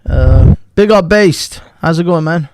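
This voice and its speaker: A man's voice: fairly high pitch, expressive, measured pace, noisy background. A man hosting a live online panel, chatting casually and sarcastically, swearing and laughing often. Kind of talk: casual, joking live stream chat.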